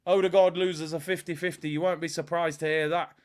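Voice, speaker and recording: Excitable young man commentating football. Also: on the high side, a little fast, clear, resonant tone. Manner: excitable, shouting at players, London slang. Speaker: fan watchalong host. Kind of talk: live football watchalong commentary.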